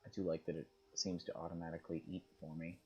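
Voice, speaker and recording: A young man giving relaxed, casual commentary while he plays a game, musing aloud and reading on-screen text. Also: sits low, fast, lo-fi sound. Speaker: gaming streamer.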